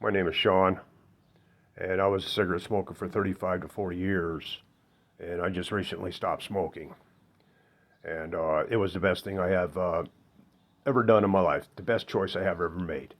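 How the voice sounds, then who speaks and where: A man's voice: low voice, steady tone, moderate pace. A middle-aged man talking bluntly about quitting smoking in a casual personal vlog, rambling with lots of fillers and the odd swear. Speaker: former smoker giving advice.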